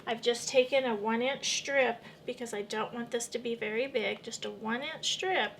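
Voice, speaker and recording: Woman hosting a home craft tutorial; friendly and talkative, a touch high-pitched, with faint background hiss. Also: moderate pace. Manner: friendly, chatty, explains as she works. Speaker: quilting channel host. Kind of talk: casual step-by-step sewing tutorial.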